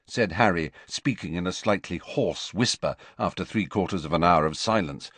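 A man reading a storybook aloud as narrator, expressive and varied. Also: deep voice, moderate pace, hardly any pauses, husky, dry recording. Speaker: audiobook narrator.

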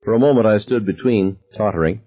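A man with a low, husky voice narrates an audiobook in the first person. His telling is wry and reflective. The recording sounds dull and lo-fi. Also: brisk.

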